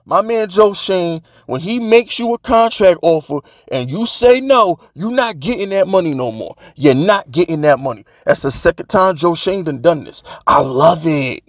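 A man's voice: sits high, animated, moderate pace, hardly any pauses, dry recording. A man hosting his own sports channel, ranting in a brash, profane, joking way and repeating lines for emphasis. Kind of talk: sports rant commentary.

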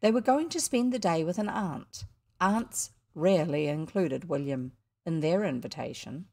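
A woman's voice: on the low side, expressive, moderate pace, vocal fry, dark tone. A woman with a New Zealand accent reading a children's story aloud, adding chatty asides to listeners. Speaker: audiobook reader.

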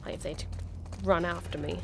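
A young woman, a gaming YouTuber, chats her way through a video game in casual let's-play commentary, exclaiming often and giggling between remarks. Her voice is fairly low and steady at a normal speed, with slight background noise.

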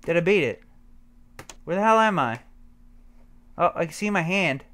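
A man's voice: sits high, expressive, normal speed, fairly bright tone. A man commenting on a video game as he plays, talking to himself, swearing and yelping when startled. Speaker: gameplay commentator. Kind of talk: let's play commentary.

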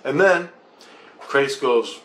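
A man's voice: mid-range voice, lively intonation, very slow, a bit bright. Agitated, profane man ranting in echoey room. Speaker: vlogger. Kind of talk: rambling monologue. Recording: roomy echoey recording.

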